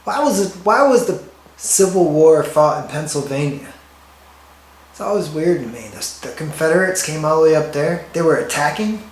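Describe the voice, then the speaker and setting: A man delivering a rambling, deadpan comic monologue, often interrupting himself. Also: a little high, normal speed. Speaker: comedian. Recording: roomy echo.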